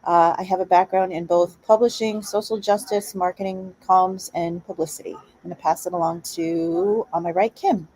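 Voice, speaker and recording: A woman's voice: lowish voice, fairly even intonation, normal speed, hardly any pauses, a little mellow, low-quality recording. A woman panelist introducing herself on a video call, friendly and a little hesitant. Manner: friendly, slightly hesitant with fillers.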